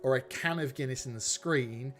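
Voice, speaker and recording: A man's voice: mid-range voice, normal speed. A man hosting a casual live coding stream, rambling, chatting with viewers and poking fun at himself. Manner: rambling, self-mocking, talks to chat.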